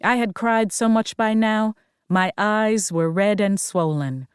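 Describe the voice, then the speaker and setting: A woman reading a novel aloud as a first-person audiobook narrator, in a measured storytelling manner. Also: medium pitch, smooth, no room sound, clean studio sound.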